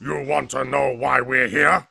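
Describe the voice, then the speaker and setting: A man's voice: medium pitch, flat delivery, unhurried, gravelly, noisy background. A man voicing a stern, secretive alien commander who speaks in a guarded, ominous way in an audio drama.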